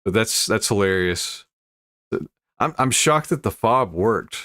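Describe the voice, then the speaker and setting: Man, low voice, dry close sound, laid-back streamer chat, lots of chuckles and trailing asides. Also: lively intonation, slow pace, fairly bright tone, dry recording. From United States. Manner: chuckling, rambling, self-interrupting. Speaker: streamer host. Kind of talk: casual news chat on stream.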